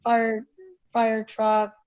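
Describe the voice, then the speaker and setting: A woman guest telling a personal story in an interview, halting and hesitant with many fillers and restarts. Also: fairly high pitch, monotone. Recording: dull lo-fi recording.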